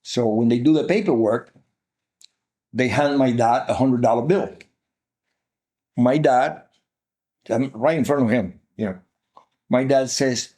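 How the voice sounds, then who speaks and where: A man's voice: medium pitch, normal speed, pauses often, mellow. An older man from Cuba with a Cuban Spanish accent, telling his life story earnestly as an interview guest and repeating key phrases for emphasis.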